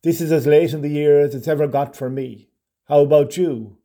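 A man's voice: a little high, steady tone, normal speed, mellow, natural voice. A man voicing a wary local man who swims the lake, with an easygoing, slightly nervous manner.

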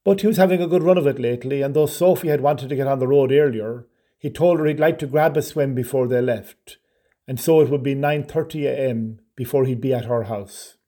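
A man narrating a short story in a measured, even storytelling manner. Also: mid-range voice.

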